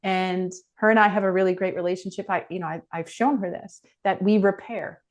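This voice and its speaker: A woman's voice: medium pitch, steady tone, brisk. A middle-aged woman speaking as a guest on a podcast interview, earnest and reflective.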